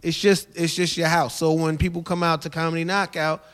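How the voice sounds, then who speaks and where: A man's voice: on the high side, level tone, brisk, fairly bright tone. A man who is a stand-up comedian and host, talking casually in an interview, laid-back and repeating his phrases.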